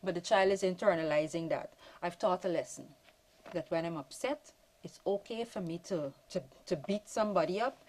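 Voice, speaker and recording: A woman calmly explaining parenting points on a panel. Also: on the low side, normal speed, rough recording. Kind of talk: panel discussion.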